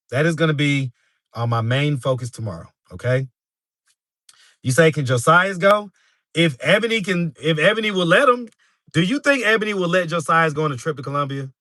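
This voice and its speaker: A man's voice: fairly high pitch, pushed and bright, no room sound, studio quality. A man from New York hosting a casual livestream, laughing often and talking straight to his chat. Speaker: street interview channel host.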